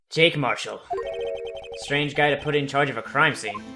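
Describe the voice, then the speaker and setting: A man's voice: mid-range voice, normal speed, music in the background. A man hosting a let's play, reading game text and making wry, crude asides. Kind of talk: joking game commentary.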